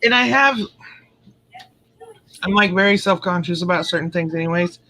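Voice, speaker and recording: A woman's voice: fairly low pitch, moderate pace, bright, forceful tone, poor audio. A woman rambling through a story in casual chat, laughing often as she goes, with a drink in hand.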